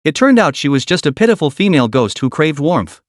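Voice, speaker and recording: A man narrating a comic story recap in a quick, dramatic storytelling manner. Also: on the high side, big pitch swings, no echo, studio quality.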